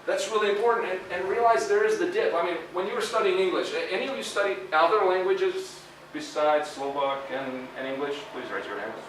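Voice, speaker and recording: Brisk and a bit bright, this middle-aged man's voice sits high as he speaks as a guest lecturer on careers at a university. His chatty talk leans on fillers and tag questions, captured distantly in an echoey lecture hall with slight background noise.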